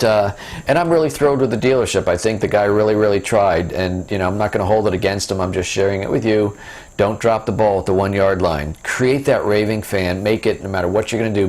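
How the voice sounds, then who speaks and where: A man's voice: lowish voice, a little mellow. A middle-aged man casually telling a rambling story to camera, with many fillers and restarts, as host of a business video series.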